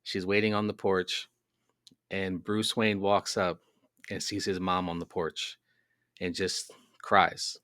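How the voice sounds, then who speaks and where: Low-voiced man rambling in a dry room. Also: flat delivery, slow, sharp tone, no room sound. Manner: rambling, filler-heavy storytelling. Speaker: podcast host. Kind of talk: casual monologue.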